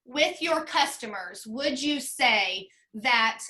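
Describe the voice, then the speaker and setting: A woman leading a motivational team call over video, earnest and emotional, talking in quick bursts. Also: a little high, animated, pushed and bright. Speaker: sales team leader.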